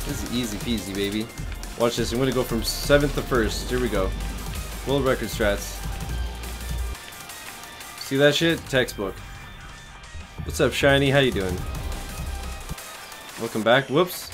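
A young man giving casual, excitable gameplay commentary, swearing and laughing often as he plays. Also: mid-range voice, measured pace, long pauses. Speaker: gaming streamer. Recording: loud game music behind the voice. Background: game music.

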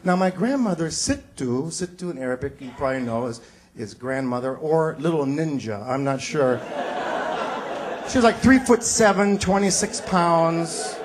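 A man doing a stand-up comedy set on a theater stage, delivering punchlines with animated energy and slipping into character voices. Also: on the high side, moderate pace, crowd noise. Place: theater stage before a live audience. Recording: live stage recording with loud audience laughter.

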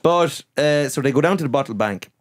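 Brief: Irish comedian, lively storyteller, laughs and swears often, dry studio mic. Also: male voice, mid-range voice, brisk, no room sound. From rural Ireland. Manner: animated anecdotes, frequent laughter and swearing. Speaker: guest comedian. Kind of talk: casual storytelling chat.

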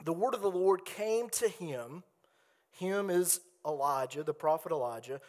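A man's voice: fairly high pitch, expressive, measured pace, a little mellow. A man preaching a sermon as a teaching pastor, telling a personal story in a conversational way before reading scripture aloud. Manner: storytelling, conversational with quoted asides.

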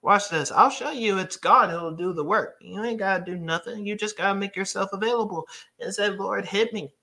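A man's voice: high voice, moderate pace, gravelly, bright, forceful tone. A man preaching a sermon, reading scripture aloud emphatically and breaking into casual asides to his congregation.

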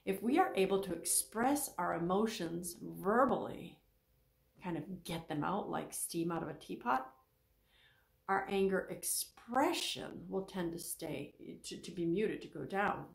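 A woman teaching as a Christian counselor, animated and acting out the people she quotes. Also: unhurried, creaky, echoey room. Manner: animated, acts out quoted speakers with pitch jumps. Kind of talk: teaching talk on faith and emotions.

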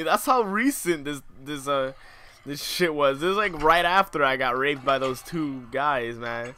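Bright-voiced young gamer, swearing and shrieking. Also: male voice, on the high side, unhurried. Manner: swings from mutters to shrieks, swearing and ranting. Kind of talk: game commentary.

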